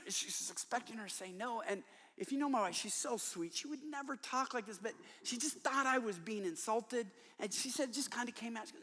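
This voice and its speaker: An older man preaches in a large church, and his voice sits fairly high for a man. He tells stories with animation and acts out the people he quotes. A long reverb trails after his voice in the big hall. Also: brisk, bright, forceful tone. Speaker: guest preacher. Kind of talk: sermon. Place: large church worship center.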